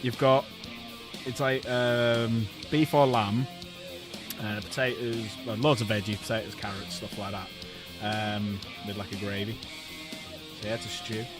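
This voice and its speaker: Male streamer host, easygoing chatter, clear guitar music playing under him. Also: fairly low pitch, fairly even intonation, measured pace. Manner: chatty and jokey, repeats phrases. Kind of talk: casual live-stream chat.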